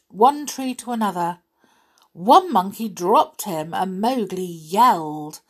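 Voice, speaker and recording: A woman reading a children's story aloud as a storyteller, in a gentle, chatty manner with small fillers. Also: medium pitch, breathy edge.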